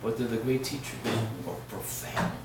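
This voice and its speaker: Rabbi preaching in an echoey hall. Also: male voice, medium pitch, fairly even intonation, moderate pace, far from the mic, very noisy. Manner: swings from hushed to loud and emphatic. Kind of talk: sermon with storytelling. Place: lecture hall.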